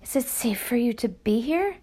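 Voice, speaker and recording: A woman's voice: a little high, normal speed, breathy edge. A woman voicing a loving mother who is astonished to see her son come home. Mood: worried. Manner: excited, amazed.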